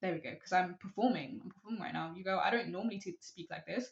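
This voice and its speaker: A woman's voice: on the low side, fast talker, creaky, echoey room, lo-fi sound. A young woman talking to her camera in a casual, rambling, self-deprecating way, giving advice. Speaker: vlogger.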